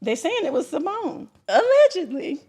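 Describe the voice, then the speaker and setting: Sassy gossiping woman host, lively voice. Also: extremely high pitch, moderate pace. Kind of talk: casual gossip chat.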